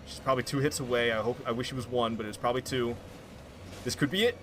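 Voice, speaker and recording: A man's voice: mid-range voice, quick pace, noisy background. A man giving play-by-play commentary on a boss fight in a video game. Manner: calm play-by-play, perking up at big moments. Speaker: gameplay commentator. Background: game music.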